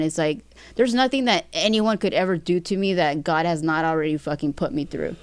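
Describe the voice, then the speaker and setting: A woman's voice: low-pitched, moderate pace, no echo. A woman guest, a fight promoter, talking bluntly and emotionally with heavy swearing. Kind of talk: emotional interview talk.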